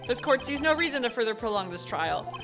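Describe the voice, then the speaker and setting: A woman's voice: on the high side, very animated, fairly quick, over music. A woman voicing a male courtroom judge in a game, speaking in formal pronouncements. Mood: stern.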